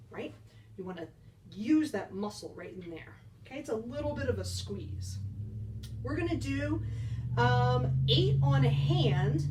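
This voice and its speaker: A woman's voice: sits high, distant mic, a little hiss or hum. A woman band teacher giving a beginner percussion lesson, upbeat and encouraging, counting beats aloud.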